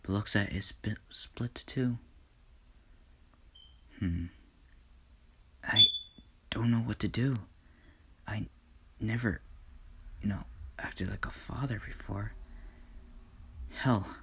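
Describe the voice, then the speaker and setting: A man voicing God as a soft-spoken, unsure fatherly deity, speaking in a hushed, half-whispered tone with slow, pondering hums in an amateur fan story. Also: on the low side, fairly even intonation, gravelly. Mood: troubled.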